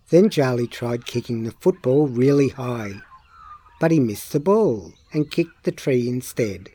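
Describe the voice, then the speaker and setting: A man reading a children's story aloud in a slow, expressive storytelling manner. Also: mid-range voice. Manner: slow, lively storybook delivery.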